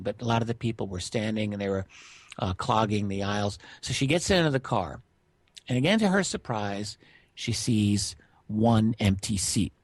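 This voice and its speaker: A middle-aged man recounts an odd encounter for a radio interview, relaxed and chatty, pausing on fillers as he goes. His voice sits at a middle pitch and sounds dry and close, with no room around it. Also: no echo. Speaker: guest researcher.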